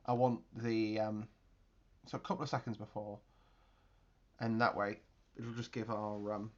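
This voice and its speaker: A man hosting his channel, giving chatty, excitable gameplay commentary with mouth-made explosion noises. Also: lowish voice, a little slow, dull audio. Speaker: video game channel host.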